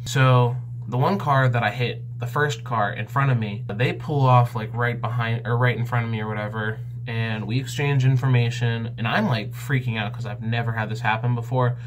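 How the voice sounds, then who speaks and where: Excitable young man telling a story. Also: moderate pace, few pauses, noisy background. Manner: animated, excitable, jumps in pitch. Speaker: vlogger. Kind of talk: comedic storytelling.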